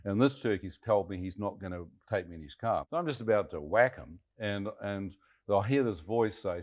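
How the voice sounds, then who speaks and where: Sixties New man, low-pitched, colloquial storyteller who acts out the voices. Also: moderate pace, a little mellow. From New Zealand. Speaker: guest. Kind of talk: dramatic personal storytelling.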